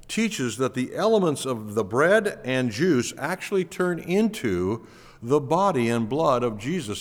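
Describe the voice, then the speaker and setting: Man preaching in a reverberant church hall. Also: mid-range voice. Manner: earnest teaching, emphatic repetition. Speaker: pastor. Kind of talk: sermon.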